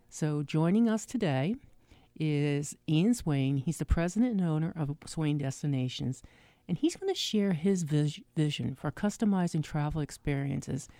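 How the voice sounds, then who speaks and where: A woman co-host reads a guest introduction on the radio with emphatic energy. Her voice is mellow and dry, and she trips over a word now and then. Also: low-pitched, dry recording. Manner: emphatic, stumbles on words. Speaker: travel segment co-host. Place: radio studio.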